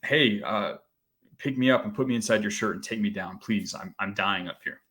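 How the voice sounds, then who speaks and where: A man voicing a cold, dying male rattlesnake that begs and flatters in a spoken story. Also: on the low side, moderate pace, breathy edge. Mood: pleading. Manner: begging, flattering.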